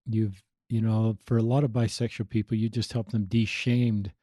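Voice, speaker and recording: A man's voice: fairly low pitch, flat delivery, normal speed, dark tone, dry recording, clean studio sound. A man hosting a podcast interview, affirming his guest and thinking aloud. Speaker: podcast host. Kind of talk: interview talk.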